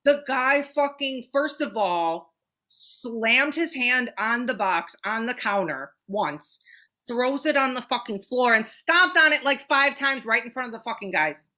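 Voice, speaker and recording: Podcast co-host lady, bright voice, swears a lot, fired-up storytelling. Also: a little high, a little slow. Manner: animated, profane storytelling. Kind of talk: casual chat.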